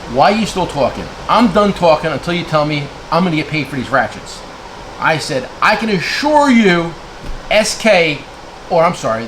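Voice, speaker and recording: A man's voice: fairly high pitch, fairly bright tone, a little hiss or hum, low-quality recording. A man from New Jersey, a tool dealer, ranting heatedly to his viewers in a blunt, name-calling way, checking in with "okay?" again and again. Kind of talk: heated rant to camera.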